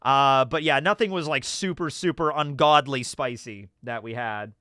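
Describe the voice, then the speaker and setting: A man's voice: mid-range voice, moderate pace, dry recording, clean studio sound. A young American man rambling through stories on a casual livestream, reading chat questions and answering with lots of fillers. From United States. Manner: rambling, animated storytelling with many fillers.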